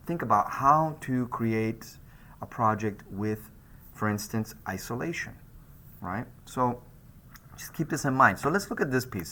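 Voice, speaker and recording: A man giving a slide lecture on art, and his voice is bright with a forceful edge. He talks in a loose, conversational way, full of fillers and restarts. His pitch rises and falls freely. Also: slight background noise. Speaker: art instructor.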